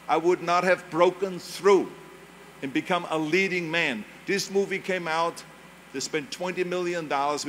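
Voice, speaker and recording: A man's voice: a little high, a bit bright, a little hiss or hum. Older man with a thick German accent. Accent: Austrian German. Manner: emphatic storytelling, mimics others' voices. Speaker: speaker giving a talk. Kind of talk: motivational speech.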